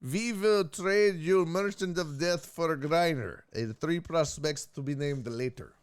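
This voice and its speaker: A man putting on a Russian accent to play a stiff male official making a trade offer, speaking slowly and deliberately. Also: a little high, smooth, lightly acted. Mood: stern. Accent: Russian (put on).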